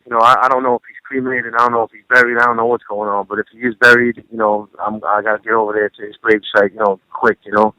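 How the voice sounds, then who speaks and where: Man, phone-in guest, quick talker, profane, rambling, dry sound. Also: fairly low pitch, little pitch movement, sharp tone, dry recording, dull audio. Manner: rambling, profane, full of "you know". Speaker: guest recalling a late friend. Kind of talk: casual phone interview storytelling. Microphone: phone call.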